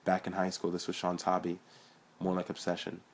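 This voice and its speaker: Casting: a low, husky man reading fiction aloud plainly. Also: monotone, a little fast. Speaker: narrator.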